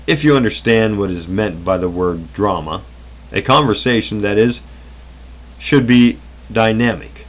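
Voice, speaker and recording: A man's voice: on the low side, highs cut off. A man reading an old self-help booklet aloud, unrehearsed, stumbling over words and correcting himself as he goes.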